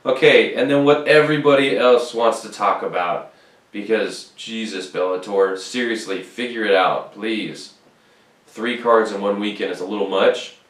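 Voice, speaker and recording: A man's voice: fairly low pitch, normal speed, fairly bright tone. Rambling, foul-mouthed man, distant and roomy. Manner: rambling, profane, loose and offhand. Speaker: podcast host. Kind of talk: casual solo podcast recap. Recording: roomy sound, distant from the mic.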